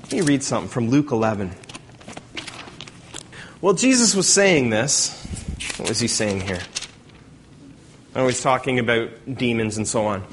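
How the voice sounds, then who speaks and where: A man's voice: mid-range voice, lively intonation, normal speed, pauses often, slight background noise. A man preaching a sermon as pastor, conversational with bursts of dramatic emphasis.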